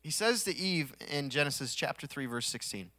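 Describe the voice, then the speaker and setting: A man preaching a sermon in a conversational way, swelling to emphatic peaks and dropping to quiet asides, with touches of humor. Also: a little high, expressive, moderate pace, no room sound. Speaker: pastor.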